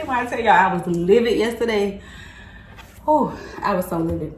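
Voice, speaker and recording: A young woman vlogger telling a story to her viewers in a slangy, animated, chatty way, often laughing. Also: medium pitch, brisk, roomy sound, slight background noise. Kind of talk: casual storytelling to camera.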